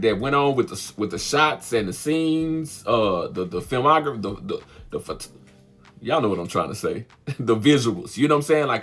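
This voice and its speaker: Husky, chatty man reviewing a film. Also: mid-range voice. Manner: chatty and animated, laughs often, keeps asking "you know what I'm saying". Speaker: movie reviewer, channel host. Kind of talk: casual spoken movie review.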